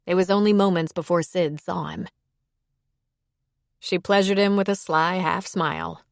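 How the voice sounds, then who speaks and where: Female audiobook reader, lowish voice, very dry close recording. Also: steady tone, measured pace, vocal fry, no room sound. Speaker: audiobook narrator. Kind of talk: scripted narration.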